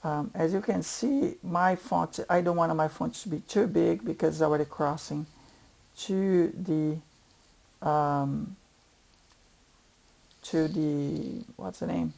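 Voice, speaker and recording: A software tutorial instructor narrating step by step while working, thinking aloud and repeating words for emphasis. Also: mid-range voice, slow pace, creaky, long pauses.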